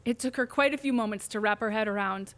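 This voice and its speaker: A woman's voice: mid-range voice, fast talker. A woman physical therapist telling a patient's story in an interview, acting out the voices she quotes. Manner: animated, acts out quoted voices. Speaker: pelvic physical therapist, guest.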